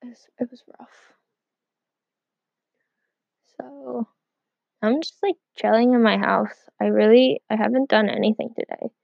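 Slow rambling teen girl with vocal fry. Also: a little high, big pitch swings, dry recording, lo-fi sound. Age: teens. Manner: rambling, heavy use of "like". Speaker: podcast host. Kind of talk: casual solo podcast chat. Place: at home.

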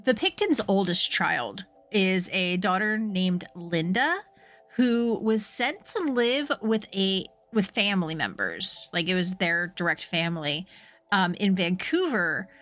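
A young adult woman co-hosting a true crime podcast, telling the story in a relaxed, chatty way with fillers. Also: medium pitch. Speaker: podcast co-host.

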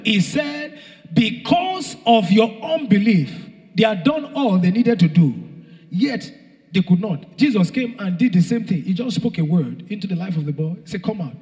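A young man preaching a rousing sermon, shouting and half-singing phrases and calling out to the congregation. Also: sits high. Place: church hall. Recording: long hall reverb.

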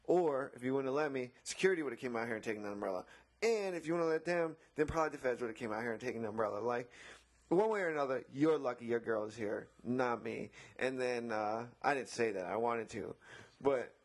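Man telling a story in casual, animated chat. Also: medium pitch, quick pace. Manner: animated retelling, acting out both sides of arguments, frequent swearing. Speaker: beach umbrella and chair attendant.

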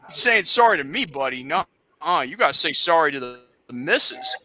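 A man co-hosting a casual podcast, teasing his friends loudly and laughing between remarks. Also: fairly high pitch, very animated, fairly quick. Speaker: podcast co-host. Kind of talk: casual joking chat.

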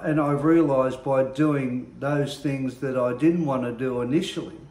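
A man earnestly sharing his own recovery story, reflective and often pausing to search for words. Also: mid-range voice, darkish tone. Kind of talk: personal testimony monologue. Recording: roomy echo.

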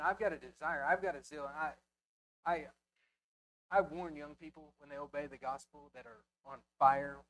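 A male preacher giving a sermon to a live congregation, swinging between hushed asides and loud emphasis and firing rhetorical questions at the listeners. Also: a little high. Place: church before a live congregation.

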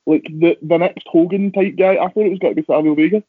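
A man's voice: on the high side, fairly even intonation, fast, husky. A young Scottish man, a professional wrestler, chatting casually and rambling with self-deprecating asides. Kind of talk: casual podcast chat. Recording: dry, phone-like lo-fi audio.

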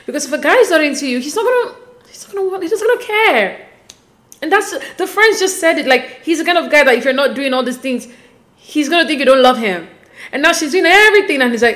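A woman giving a casual, opinionated recap of a reality show, slipping quoted lines into her talk. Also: a little high. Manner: animated, quotes people in quick asides. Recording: echoey room.

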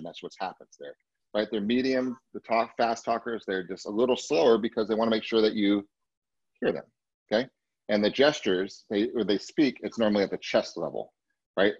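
Husky low-voiced man teaching a sales class. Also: no echo, dull audio. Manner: emphatic, acts out client quotes in a much higher voice. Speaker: real estate sales trainer. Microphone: video call.

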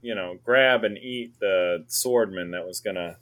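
A man co-hosting a casual comic book review podcast, relaxed and agreeable, often giving short replies and laughing. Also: lowish voice, a little slow. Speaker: podcast co-host.

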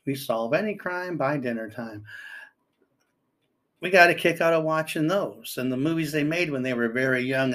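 This commentator is an older man and grandfather who chats casually and at length, reading the news out loud, reacting as he goes, and giving parents sincere advice. His manner is rambling. He has a slightly high voice with a fairly bright tone.

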